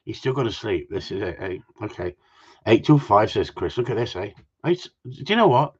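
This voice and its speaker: This gundog trainer's voice is fairly low and husky, with a sing-song lilt at a normal speed. He chats casually with viewers outdoors in the cold, rambling, joking, and reading out their comments. The recording sounds muffled and lo-fi.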